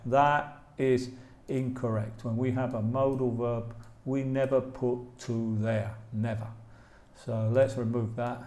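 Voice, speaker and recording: Man, English accent, patient grammar teacher, unhurried, mid-pitched. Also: little pitch movement, darkish tone. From England. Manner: patient, repeats key points, frequent ums. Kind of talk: slow, explanatory grammar lesson.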